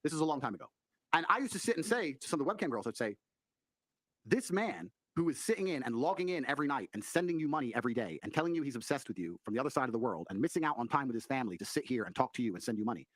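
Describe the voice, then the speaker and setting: A man talking as a guest on a podcast, forceful and lecturing. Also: medium pitch, very animated, very fast, dry recording, low-quality recording. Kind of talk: opinionated podcast talk.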